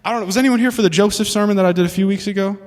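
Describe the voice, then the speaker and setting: High-voiced young preacher in a reverberant hall. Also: male voice, rapid-fire. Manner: animated, laughing asides, asks the room questions. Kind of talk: sermon. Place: church hall with an audience.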